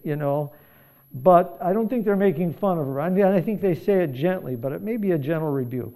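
Soft-toned man preaching a reflective sermon. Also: a little high, normal speed. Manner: conversational, reflective, thinking aloud with restarts. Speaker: pastor.

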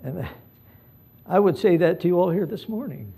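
A pastor preaching a live sermon in a mellow, husky voice with a gravelly edge, pitched a little high for a man. He pleads earnestly and moves between hushed passages and emphatic ones. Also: expressive, normal speed.

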